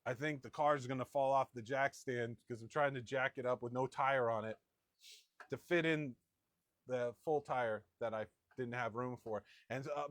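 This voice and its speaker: A middle-aged man preaching a sermon in a conversational storytelling manner, with quick asides. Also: mid-range voice, fairly even intonation, no echo, clean studio sound. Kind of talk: sermon with personal anecdote.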